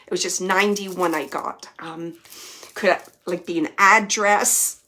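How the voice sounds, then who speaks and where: An unhurried, medium-pitched woman with vocal fry leads a live spirit-reading chat as a psychic medium. Chatty and often laughing, she delivers quoted messages with energy and sinks into soft murmurs when searching.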